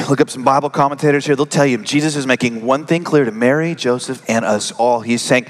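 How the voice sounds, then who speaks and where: A middle-aged man preaching a sermon, joking with the congregation and swinging from loud emphasis down to hushed whispers. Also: mid-range voice, a little fast, hardly any pauses. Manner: conversational, joking asides to the congregation. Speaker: pastor. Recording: long reverb of a large hall.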